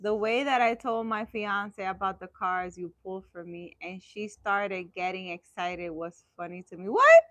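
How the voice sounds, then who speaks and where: A woman's voice: medium pitch, fairly even intonation, normal speed, few pauses, fairly bright tone, dry recording, studio quality. A woman hosting a casual livestream, chatting with viewers in a playful, teasing way. She speaks emphatically and laughs often. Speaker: livestream host answering viewers.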